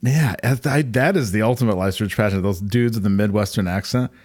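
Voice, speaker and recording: A man's voice: lowish voice, brisk, a little mellow. A man co-hosting a podcast in casual chat, rambling and laughing as he talks. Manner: rambling, laughing, many "like" fillers. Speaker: podcast co-host.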